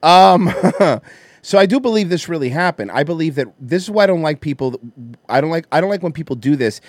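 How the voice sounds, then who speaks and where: Casting note opinionated male podcast host, somewhat high voice, dry close sound. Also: lively intonation, a little fast, no echo. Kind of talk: casual commentary chat.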